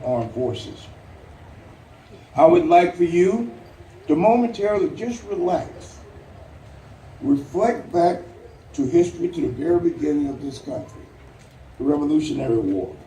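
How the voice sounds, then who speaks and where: A man delivers a rousing, earnest ceremonial speech, pausing for effect and slipping in light jokes. His voice sits a little high but sounds mellow and warm. It carries from a distance across an echoey open space with faint outdoor ambience. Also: slight background noise. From Louisiana, United States. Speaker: Veterans Day ceremony speaker. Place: outdoor memorial ceremony at a national cemetery.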